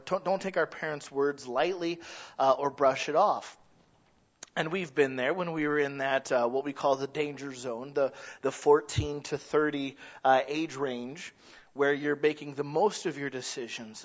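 A man's voice: a little high, fairly bright tone. Earnest preaching man, lo-fi sound. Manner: earnest, conversational preaching with restarts and asides. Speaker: pastor. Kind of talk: sermon. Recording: dull lo-fi recording.

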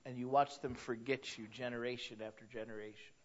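A man's voice: mid-range voice, steady tone, a little fast, lo-fi sound. A male pastor preaching in a conversational sermon that surges to emphatic peaks.

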